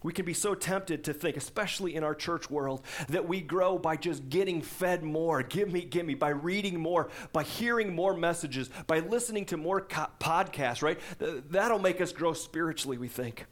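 A man in his forties preaches to his congregation in an easy, conversational way. His voice sits a little high for a man, and he drops into asides and questions to the crowd as he goes. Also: normal speed, few pauses. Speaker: pastor. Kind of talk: sermon.

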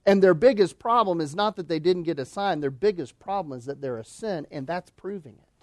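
Pastor, male, high voice, dry close sound, emphatic sermon delivery with rhetorical questions. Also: a little fast, darkish tone, dry recording. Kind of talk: expository sermon.

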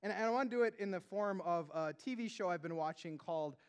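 A man preaching a sermon as pastor, in a chatty, conversational way full of asides and questions to the congregation, swinging between loud emphasis and hushed tones. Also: sits high, quick pace, clean tone. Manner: conversational, peppered with "like" and "right?".

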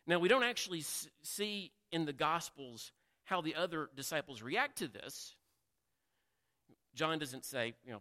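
Bright-voiced preacher in an echoing hall. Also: male voice, a little high, lively intonation, unhurried. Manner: conversational, asks the listeners questions, acts out quotes. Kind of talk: sermon. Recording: long reverb of a large hall.

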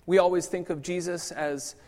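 Pastor preaching in a reverberant church. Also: male voice, high voice, fairly even intonation, moderate pace, mellow. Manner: conversational, frequent repeated restarts. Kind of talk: sermon. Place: church sanctuary.

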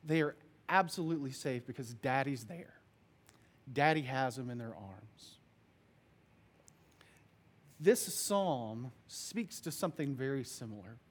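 A male pastor preaching a sermon, reading scripture and telling stories in an earnest, expressive way. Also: mid-range voice, a little slow, long pauses.

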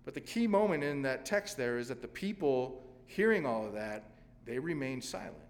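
A man's voice: mid-range voice, animated, moderate pace, in a large hall. A male pastor preaching a sermon, telling a scripture story dramatically with sudden swells of emphasis.

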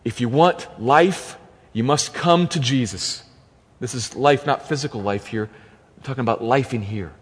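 A man's voice: medium pitch, moderate pace, slightly rough. A man preaching an expository sermon as pastor, emphatic and repeating key phrases for stress. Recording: long reverb of a large hall.

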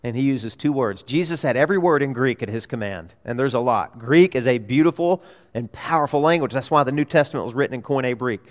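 A man preaching a sermon as a pastor in a church, emphatic, repeating key phrases and swinging between loud urgency and hushed tones. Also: mid-range voice, expressive, brisk.

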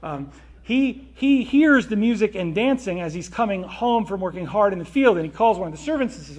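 A man's voice: sits high, expressive, fairly quick, darkish tone. A man preaching a sermon in a conversational way, with frequent asides to his listeners.

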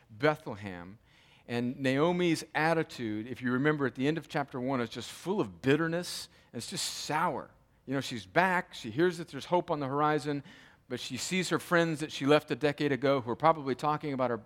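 A man preaching an expository Bible teaching in a conversational way, with asides and restarts. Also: medium pitch. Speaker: pastor.

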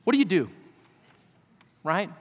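A man's voice: high-pitched, very animated, unhurried. A middle-aged pastor preaching a sermon, earnest and asking his listeners direct questions. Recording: long reverb of a large hall.

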